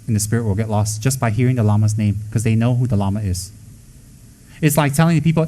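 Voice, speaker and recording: A man's voice: on the low side, fast, dark tone. A man teaching as a Buddhist lama in an informal talk, emphatic and blunt, mixing jokes with rhetorical questions.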